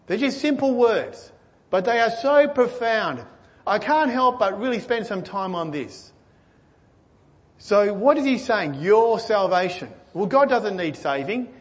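High-voiced man preaching with earnest questions. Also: animated, unhurried. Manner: earnest, asks the listeners rhetorical questions. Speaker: pastor. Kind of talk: sermon.

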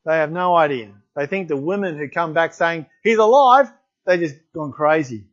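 A man's voice: a little high, normal speed. A man preaching a sermon, reading scripture aloud and exclaiming in wonder at it. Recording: dull lo-fi recording.

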